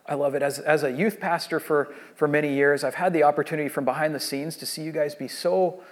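Male pastor, thirties, slightly high voice, chatty storytelling sermon, lots of restarts. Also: steady tone, quick pace. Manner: conversational storytelling with many restarts.

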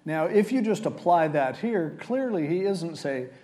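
A man delivering a sermon in a slightly high, mellow voice. He retells the scripture casually and conversationally, as if chatting with his listeners. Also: expressive, measured pace. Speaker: preacher.

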